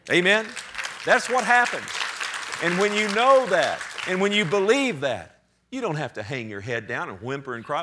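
A man preaches to his church in an animated style, pushing his slightly high voice up for emphasis and then sinking to a near-whisper. He breaks into little acted voices of people from his stories as he talks. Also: moderate pace, some chatter behind. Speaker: pastor. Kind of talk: sermon.

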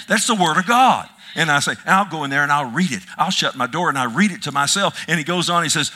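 A man delivering a sermon as pastor, his voice bright and forceful at a middling pitch. He repeats his lines for emphasis and calls out amen to the congregation. He swings between ringing declarations and near-whispered asides. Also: lively intonation, fast, few pauses. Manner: emphatic, swinging from loud proclamations to hushed asides.

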